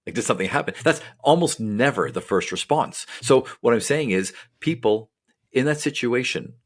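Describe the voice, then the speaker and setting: A man's voice: medium pitch, lively intonation, moderate pace. A man, a psychologist co-hosting a podcast, explaining in a casual, rambling way with many fillers and tangents.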